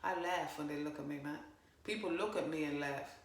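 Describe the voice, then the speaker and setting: A woman giving a casual spiritual monologue, swearing freely and talking with emphatic, animated energy. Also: sits low, fairly quick. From parents from Jamaica. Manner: profane, animated, emphatic, fillers. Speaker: spiritual channeler vlogger. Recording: roomy echo.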